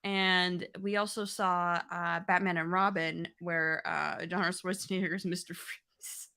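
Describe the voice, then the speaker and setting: A woman in her thirties co-hosting a live podcast, talking in an animated way and laughing often. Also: fairly low pitch, measured pace, smooth. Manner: animated, laughs often, breaks into movie impressions. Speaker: podcast co-host. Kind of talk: casual live podcast chat.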